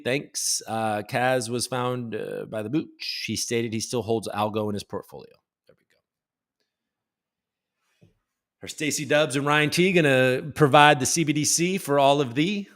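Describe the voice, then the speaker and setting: Man, livestream host, casual chat, rambling, jokey, irreverent, mid-pitched voice. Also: a bit bright. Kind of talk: casual livestream chat, reading viewer comments.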